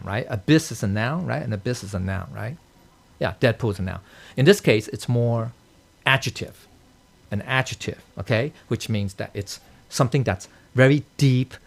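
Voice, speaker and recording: Male teacher, gravelly voice, animated pitch, loose rambling lecture delivery. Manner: rambling, lots of filler and "okay?" checks, chuckles. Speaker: Dao study teacher. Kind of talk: casual spoken lecture. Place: temple study session.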